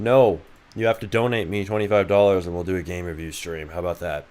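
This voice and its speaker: A man's voice: sits low, steady tone, fast, darkish tone. A man from Idaho, a game developer streaming live, bantering with his chat in a loose, joking, profane way. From Idaho, USA. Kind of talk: casual livestream chat.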